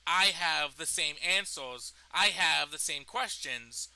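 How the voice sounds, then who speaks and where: A man's voice: a little high, slow pace, vocal fry, bright, forceful tone, clear, resonant tone, rough recording. A young man telling a story from his college days in a casual, rambling way, swearing freely and stumbling through fillers. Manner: rambling, profane, full of fillers and restarts. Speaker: storytime vlogger.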